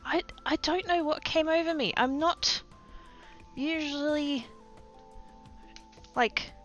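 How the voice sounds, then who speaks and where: A woman's voice: high-pitched, slow, pauses often, fairly bright tone, highs cut off, soft background music. An Australian woman livestreaming, telling a story in rambling casual chat, swearing freely and poking fun at herself.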